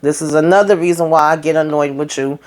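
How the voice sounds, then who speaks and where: A woman's voice: deep voice, steady tone, fast talker. Chatty woman recapping a TV episode. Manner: chatty, exasperated, slangy. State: headache. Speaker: TV recap host. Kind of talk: casual show recap.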